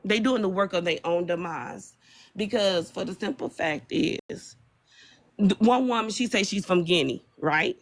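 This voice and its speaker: A live-stream guest who tells a story bluntly and with animation. The voice sits in a middle pitch and talks in a casual, everyday way. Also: unhurried.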